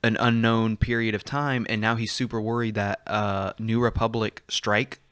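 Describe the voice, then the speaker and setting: A man with a fairly low, smooth and clear voice, talking casually as a podcast co-host. He rambles and gets animated, laughing between thoughts. The sound is dry and close to the mic. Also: normal speed, dry recording. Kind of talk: casual chat.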